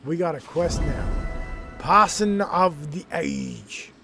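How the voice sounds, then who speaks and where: A young man streaming a game, chatting casually and rambling, often getting worked up and loud. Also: a little high, huge pitch swings, takes it slowly. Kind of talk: casual livestream gaming chat. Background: game music.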